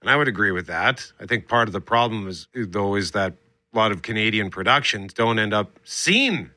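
Bright-voiced male radio host. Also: on the low side, moderate pace, dry recording. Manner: relaxed, reads survey results aloud. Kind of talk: casual radio chat.

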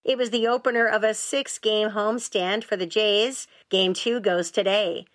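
A woman news anchor reading a radio newscast in a measured, even delivery. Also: mid-range voice.

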